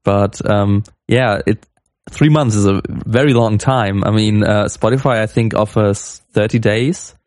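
A man's voice: on the low side, a little slow, darkish tone, dry recording, studio quality. A man co-hosting a casual tech podcast, thoughtful and a bit hesitant. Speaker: podcast co-host.

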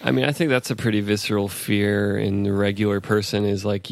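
Male podcast host, gravelly low-ish voice, dry close mic, loose rambling chat. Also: flat delivery, fairly quick, no room sound. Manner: rambling, conversational, laughs often. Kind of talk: casual tech podcast chat.

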